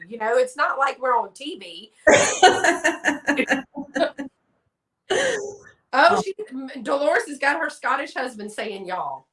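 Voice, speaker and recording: Woman, Southern accent, Texas, live chat, laughs a lot, bright tone. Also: sits high, big pitch swings, slow pace, pauses often. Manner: chatty, laughs often, folksy sayings. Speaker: guest collector.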